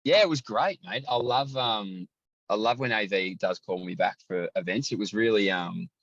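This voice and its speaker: A young man talking in a loud, outlandish way, his voice on the low side. The sound is dry and slightly dull, like a modest remote setup with little room around it. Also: moderate pace, no echo. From Australia. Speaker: guest, sports journalist and athletics commentator. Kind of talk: casual podcast chat.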